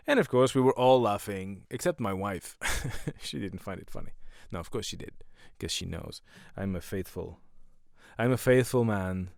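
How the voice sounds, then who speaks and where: A man's voice: on the low side, animated, moderate pace, gravelly, dry recording, studio quality. A man, a stand-up comedian and podcast host, talking in a rambling casual monologue full of swearing and self-mocking jokes.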